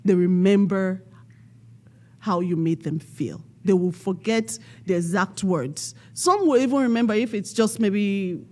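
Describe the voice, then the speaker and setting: A woman giving a motivational talk at a community event, quizzing the audience and leading them in call-and-response with slow, emphatic stress on key words. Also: medium pitch, mellow. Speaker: panel speaker.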